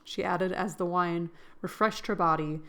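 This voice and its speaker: A woman reading a classic novel aloud, lending the characters' lines an expressive lift in her voice. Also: unhurried. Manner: reads expressively, voicing characters' lines with rising pitch. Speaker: audiobook reader.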